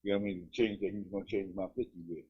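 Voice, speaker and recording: A man, co-hosting a casual podcast, telling animated stories and acting out voices. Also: low voice, very fast, slightly rough. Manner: animated storytelling, acts out cops, swears a lot. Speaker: co-host. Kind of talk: casual comedic podcast banter. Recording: dull lo-fi recording.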